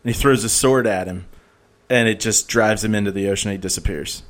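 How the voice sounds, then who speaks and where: A man's voice: fairly low pitch, a little fast. Man co-host, rambling, sarcastic, laughs a lot, casual chat. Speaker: podcast co-host.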